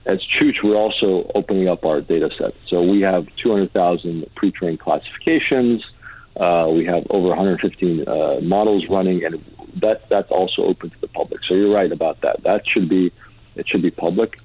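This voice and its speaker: A man with a very low, husky voice talks through ideas as a podcast guest, pausing on "uh" and restarting his sentences. His voice comes over a tinny, phone-like line with a dry, close sound. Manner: thoughtful, frequent "uh" and restarts. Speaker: tech start-up founder and CEO, podcast guest. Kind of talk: casual interview talk.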